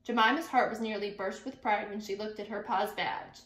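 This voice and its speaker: A woman teacher reading a picture book aloud to her class, pausing to think out loud about what she imagines. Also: medium pitch, fairly even intonation. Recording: echoey room.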